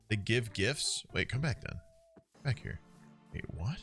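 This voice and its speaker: A man streaming a game, chatting casually to his viewers, excitable and swearing often. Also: lowish voice, a little slow, pauses often, soft background music. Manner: excitable, swears a lot, talks to chat.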